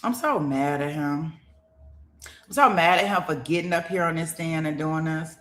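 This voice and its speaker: A woman's voice: low voice, normal speed. A middle-aged woman hosting a casual livestream, chatting straight to her viewers and rambling with restarts. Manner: chatty, talks straight to viewers, thanks donors; rambling, with many restarts and fillers. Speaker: livestream host commenting on a trial.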